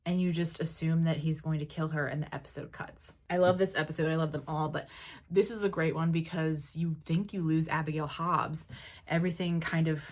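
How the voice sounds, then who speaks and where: A woman hosting a podcast, casually recapping an episode in a chatty way, full of "like" and quick paraphrased quotes of characters. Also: deep voice, steady tone. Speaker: podcast host.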